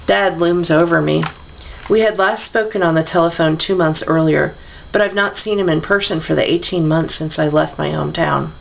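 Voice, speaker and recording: A woman reads a novel aloud in a low, gravelly voice. She lets the dialogue shift her tone a little, and the recording sounds dull and lo-fi. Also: normal speed, a little hiss or hum. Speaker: audiobook reader.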